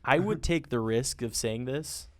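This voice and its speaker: A man's voice: medium pitch, a little slow. A man co-hosting a podcast, arguing his side in a casual debate, confident and teasing. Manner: confident, teasing, laughs often.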